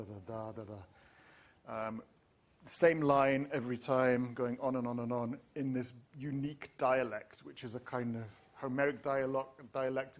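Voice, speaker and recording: Middle-aged guy lecturing on classics, lots of ums and restarts, mid pitch. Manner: discursive, many ums and restarts. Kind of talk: university lecture.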